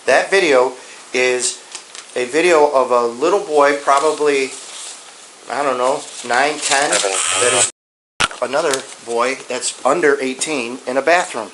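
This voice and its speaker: A man's voice: mid-range voice, a little slow. A male police investigator questioning a suspect in a blunt, firm way, recorded on a bodycam. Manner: blunt, firm, repeats commands. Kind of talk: bodycam interrogation. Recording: bodycam with clear noise.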